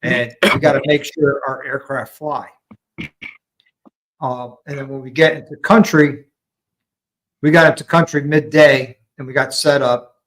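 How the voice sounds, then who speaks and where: Animated American veteran telling stories. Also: male voice, medium pitch, measured pace, long pauses, low-quality recording. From United States. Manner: animated storyteller who acts out quotes. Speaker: veteran, former maintenance platoon sergeant. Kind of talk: casual storytelling.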